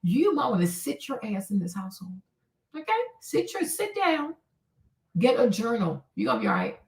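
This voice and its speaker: A woman's voice: on the high side, huge pitch swings, normal speed, recorded from a distance. Brash, profane woman streamer in an echoey room. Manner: brash, profane, emphatic and mocking. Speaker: livestream host. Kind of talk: blunt advice livestream.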